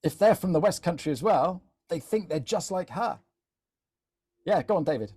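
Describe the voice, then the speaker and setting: A man's voice: on the high side, lively intonation, normal speed, darkish tone, slightly rough. A man giving a live online talk as a social media trainer, chatty, often repeating words and checking in with "yeah?". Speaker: LinkedIn content trainer.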